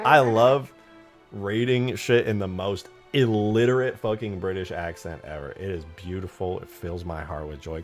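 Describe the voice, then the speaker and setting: A young man chatting on a live stream from home, rambling and swearing freely as he works on a game mod and answers viewers. His voice sits on the low side, with faint music playing in the background. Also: measured pace. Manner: rambling, profane, reads chat aloud. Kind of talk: casual live-stream chat.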